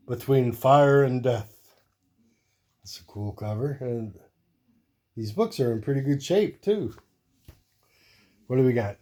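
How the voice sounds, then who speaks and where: A stack of comics gets a laid-back show-and-tell from the host of his own channel, a man whose medium-pitched voice is warm and mellow. Taking his time, he wanders between asides, easygoing and thinking aloud while flipping through each one.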